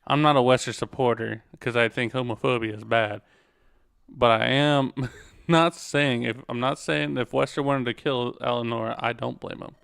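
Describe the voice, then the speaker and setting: A man's voice: mid-range voice, fairly even intonation, moderate pace, gravelly, fairly bright tone, clear, resonant tone, no echo. A man streaming a game and reading its dialogue aloud, joking about the story and doing voices for the characters. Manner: playful, reads dialogue in put-on voices and comments between lines.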